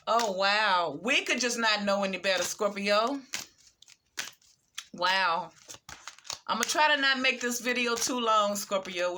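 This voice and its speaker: A woman's voice: a little high, sharp tone. A woman giving a casual tarot reading, reading card text aloud and reacting with emphatic slang. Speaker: tarot reader.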